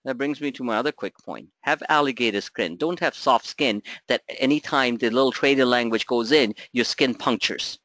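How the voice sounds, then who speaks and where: A middle-aged man hosting a live trading webinar, joking and talking loosely, with loud asides and low mutters. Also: moderate pace, few pauses, dry recording. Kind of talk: live market webinar talk.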